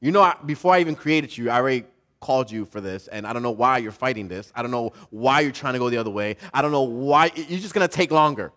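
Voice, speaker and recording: A man preacher voicing God as a patient father, calm and gently reproachful. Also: medium pitch, quick pace, voice pushed down, close to an everyday voice.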